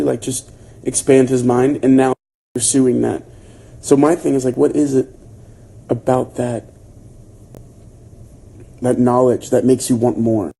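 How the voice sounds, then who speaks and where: Gravelly, husky young man chatting casually. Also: medium pitch. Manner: chatty, relaxed, filler-heavy, reacting to comments. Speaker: book club host. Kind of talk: casual livestream chat reading viewer comments.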